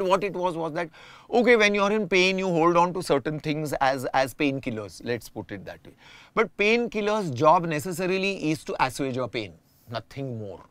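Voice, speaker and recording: A man speaks as an interview guest, thinking out loud in long, winding sentences. His voice sits a little high for a man. The recording is dry and close. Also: no room sound. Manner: reflective, explains at length with restarts. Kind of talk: casual conversation.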